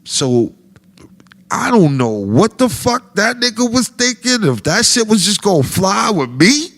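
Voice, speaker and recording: A man telling a comic anecdote in a casual, profane, slangy way, getting animated as he goes. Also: high voice, unhurried. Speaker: storyteller guest.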